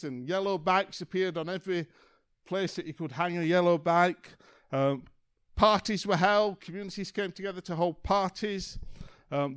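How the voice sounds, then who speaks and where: A man speaks to his church in a slightly higher-than-usual voice. He tells a story in a relaxed, chatty way, full of ums and kind-ofs. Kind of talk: informal church talk.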